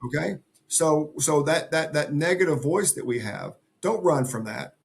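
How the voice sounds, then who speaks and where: Emphatic motivational man with gravelly voice. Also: fairly high pitch, a little slow. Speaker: podcast guest. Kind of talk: conversational interview.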